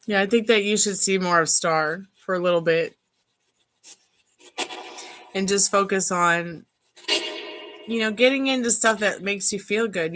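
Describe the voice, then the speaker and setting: A woman doing a live-stream tarot reading. Her voice is bright and bold, with a forward, lively edge. She rambles in a chatty way and laughs often as she talks to viewers. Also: lowish voice, poor audio. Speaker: tarot reader. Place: at home.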